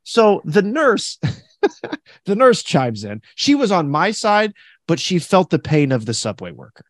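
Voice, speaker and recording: A man co-hosting a podcast, telling a story in a casual, animated way and laughing as he goes. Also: fairly high pitch, normal speed, dry recording, studio quality. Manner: animated, laughs through his stories, acts out the people in them. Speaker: podcast co-host.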